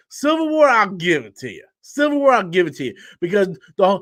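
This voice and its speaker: A tired man with a fairly high voice rants on his live stream in a blunt, profane way. He talks loosely and rambles, dropping casual swears as he goes. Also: sing-song, a little fast, hardly any pauses, a bit bright, no echo.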